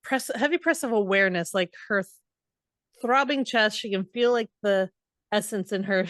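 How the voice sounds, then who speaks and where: A woman's voice: medium pitch, normal speed, fairly bright tone, no room sound, clean studio sound. Chatty woman co-hosting a podcast. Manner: chatty, hesitant, with frequent likes and asides. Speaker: podcast co-host. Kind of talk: casual book recap chat.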